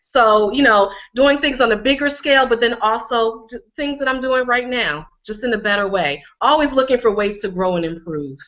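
A woman from Connecticut, a healing coach being interviewed, speaking emphatically and repeating phrases for effect, her voice a little hoarse from a cold. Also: on the high side, moderate pace, hardly any pauses, fairly bright tone, dull audio. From Connecticut, USA. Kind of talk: conversational interview.

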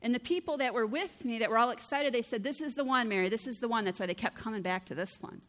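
A woman's voice: a little high, fast, a bit bright. A middle-aged woman pastor, preaching a conversational, story-driven sermon and acting out the dialogue she quotes. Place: church hall. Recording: church hall reverb.

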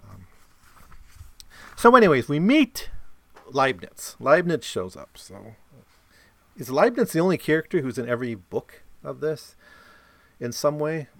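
A man's voice: a little high, very animated, a little slow, long pauses, no echo. A man giving a casual explanatory talk about a novel, often checking in with listeners by asking "right?". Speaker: lecturer on a novel.

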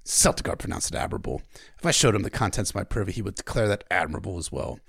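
A man's voice: low-pitched, sing-song, very fast, vocal fry, a bit bright, breathy edge, no room sound, studio quality, pitched below the performer's own voice, heavily acted. A man voicing a stern, grim middle-aged king, speaking in a clipped, severe way through a clenched jaw. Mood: scornful.

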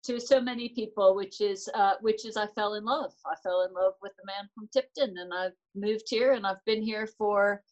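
A woman in her forties with an American accent, talking thoughtfully as an interview guest, with frequent pauses and restarts. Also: medium pitch, lo-fi sound. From United States. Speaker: interview guest, transport director. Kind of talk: casual interview chat.

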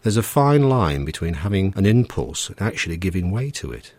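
A man's voice: deep voice, big pitch swings, brisk, darkish tone, no echo, pitched above the performer's own voice. A man voicing a nervous middle-aged husband who talks in an anxious, fretful way.

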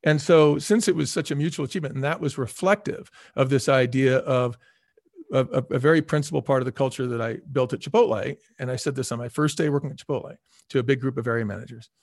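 A fast-talking middle-aged man tells stories in an interview, repeating words for emphasis and acting out the people he quotes. His voice sits at a middle pitch and is recorded close and dry, with no room sound. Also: darkish tone, dry recording. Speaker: former restaurant chain CEO, guest. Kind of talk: casual storytelling interview.

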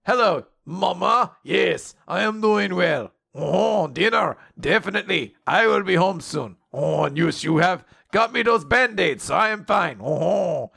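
A man's voice: sits high, animated, a little slow, creaky, hardly any pauses, sharp tone, slightly rough, full character voice. A man voicing a polite young male mage who dotes on his mother, in prim, formal phrasing, while recapping a comic.

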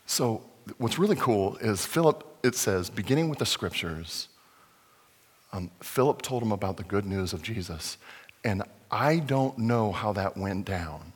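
A man preaching a sermon as pastor, acting out scenes and swinging from loud excitement to hushed, intimate lines. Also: lowish voice, a little slow, husky. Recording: long hall reverb.

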